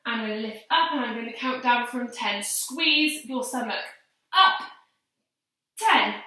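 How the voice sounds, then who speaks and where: Young teacher lady counting down planks, breathy from doing them too, high voice, super echoey hall far from the mic. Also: normal speed. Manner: encouraging, clear step-by-step instructions, counting out loud. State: out of breath from exercising while talking. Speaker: primary school PE teacher. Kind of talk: home PE lesson, instructing children.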